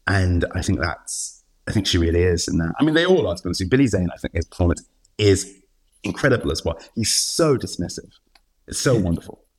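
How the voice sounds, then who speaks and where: Deep-voiced and slightly rough, this actor talks fast as an interview guest. The chat is casual and lively, peppered with laughter, restarts, and quotes he performs.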